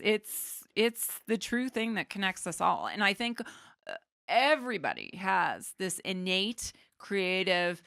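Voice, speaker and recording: A woman's voice: medium pitch, very animated, slow, vocal fry, a bit bright, no echo, studio quality. A woman from Canada, an artist guest, talking earnestly and enthusiastically about energy and creativity in a casual chat. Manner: earnest, spiritual, enthusiastic, talks of energy and vibration.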